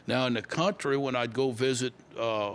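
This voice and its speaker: A man's voice: medium pitch, fairly even intonation, moderate pace, a little hiss or hum. A man, telling stories as a guest in a casual interview, often repeating and restarting words. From Louisiana. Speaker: guest musician.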